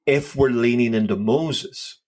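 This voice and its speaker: A man's voice: mid-range voice, a little slow, darkish tone. Enthusiastic man musing on scripture. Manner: enthusiastic, repeats words as he thinks aloud. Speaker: podcast co-host. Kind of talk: casual Bible discussion.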